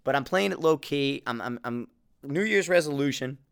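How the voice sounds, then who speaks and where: Man, middle-aged, podcast host, smooth clear voice, loose animated storytelling, frequent cursing and restarts. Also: mid-range voice, moderate pace. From Connecticut, US East Coast. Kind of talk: casual monologue.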